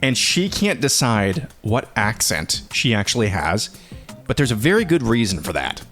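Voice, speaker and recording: A man's voice: on the low side, normal speed, faint music behind. A man hosting a talk show, chatting casually and reading passages aloud. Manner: relaxed, chatty, laughs easily. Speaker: host.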